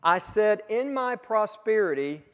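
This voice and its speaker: Pastor guy preaching slow, kinda high voice, big echoey church hall. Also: expressive, fairly bright tone. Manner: preaching with emphatic rises and drops, quoting scripture. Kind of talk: sermon.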